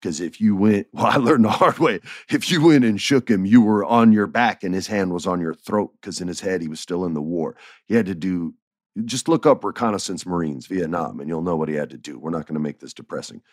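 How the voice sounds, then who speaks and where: A man's voice: sits low, fairly quick, no echo, studio quality. A middle-aged man casually telling stories, acting out quoted lines and laughing often. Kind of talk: casual storytelling.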